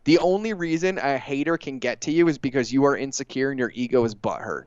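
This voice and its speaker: A man talking as a guest on a podcast in a casual, energetic way, driving his points home with repetition. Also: mid-range voice, fast, clear, resonant tone, no room sound, dull audio. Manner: energetic, emphatic, repeats phrases for effect. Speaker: guest entrepreneur.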